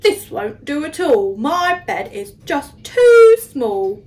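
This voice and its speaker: A woman voicing Percy, a kindly older man in a storybook, speaking gently and calmly. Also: sits high, slow, distant mic, full character voice.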